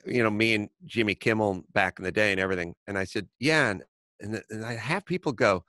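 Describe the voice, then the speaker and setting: A middle-aged man hosting a podcast, telling stories in a casual chat and ranting in quick bursts. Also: on the low side, sharp tone, no room sound. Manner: storytelling, rants in quick bursts. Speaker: podcast host.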